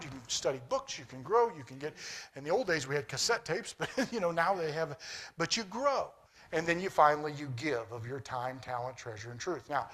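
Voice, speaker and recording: A man preaching a sermon, swinging between shouted exhortation and quiet, chatty storytelling. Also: fairly high pitch.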